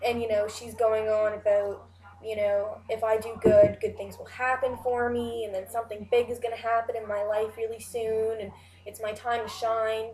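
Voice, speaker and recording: A woman's voice: a little high, flat delivery, moderate pace, a little mellow, faint music behind. A young woman casually telling a long dream story, rambling with many "like" and "you know" fillers and frequent swearing. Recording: echoey room.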